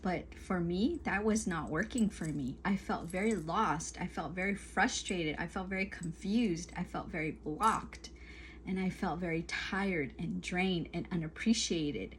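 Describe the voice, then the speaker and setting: A woman's voice: on the low side, measured pace, slight background noise. A woman talking to camera as a spiritual coach, giving earnest advice in emphatic, repetitive lists.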